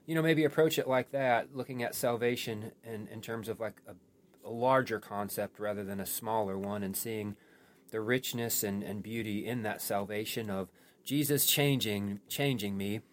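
Halting, thoughtful pastor, a man. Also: fairly low pitch. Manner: thoughtful, halting with many restarts. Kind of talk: post-sermon podcast discussion.

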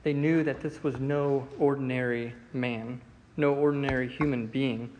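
A man teaching a Bible study class in a relaxed, conversational way, with many fillers and restarts. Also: medium pitch, moderate pace, in a large hall, a little hiss or hum, poor audio. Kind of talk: casual Bible lesson.

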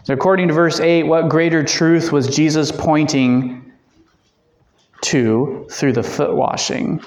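A man's voice: a little high, steady tone, slow pace, a little mellow. A man leading a Bible study discussion, talking conversationally with fillers and self-corrections. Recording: echoey room.

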